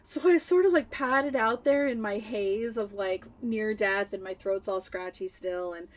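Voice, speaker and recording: A woman's voice: mid-range voice, a little slow. A woman in her thirties with a sore, scratchy throat, telling a story in casual podcast chat and acting out the voices. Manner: animated, swearing, acting out quotes. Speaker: podcast co-host.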